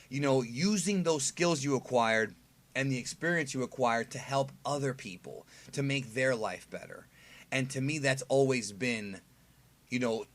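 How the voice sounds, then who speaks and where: A man talking straight to his viewers in a loose, casual explainer. He rambles with enthusiasm, stops and restarts his sentences, and leans on fillers as he works through his point. His voice sits at an ordinary middle pitch. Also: a bit bright. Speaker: YouTube host.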